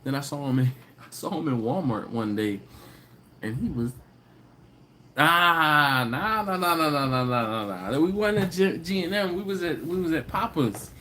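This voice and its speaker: A man's voice: fairly high pitch, lively intonation, moderate pace, pushed and bright, a little hiss or hum. A man hosting a live stream. He talks casually with viewers, tells stories, laughs often and acts out the people he quotes. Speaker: host of a live barbecue channel stream.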